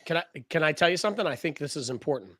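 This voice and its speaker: A man's voice: fairly high pitch, racing, no room sound. A man, co-hosting a casual round-table podcast, telling stories with swearing and laughter. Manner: animated storyteller, swears freely, laughs often. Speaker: podcast co-host.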